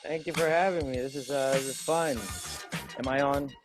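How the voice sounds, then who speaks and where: A young man from the Dominican Republic doing a loose, animated stand-up set from his home balcony, acting out quoted voices. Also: mid-range voice, moderate pace, over loud music. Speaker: stand-up comic. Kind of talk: stand-up set on a video stream.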